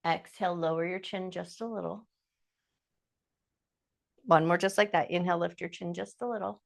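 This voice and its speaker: A woman teaching chair yoga, calmly cueing each breath and movement in short, slow phrases. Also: fairly low pitch, creaky. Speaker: yoga instructor. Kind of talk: guided chair yoga instruction.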